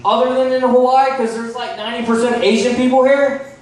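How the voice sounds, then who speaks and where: Stand-up comic, male, from Texas, high voice, echoey club heard from afar, keeps asking the crowd. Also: little pitch movement, brisk, darkish tone, recorded from a distance. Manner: chatty, asks the crowd "right?" often, swears. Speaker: stand-up comedian. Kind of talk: stand-up set. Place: comedy club stage.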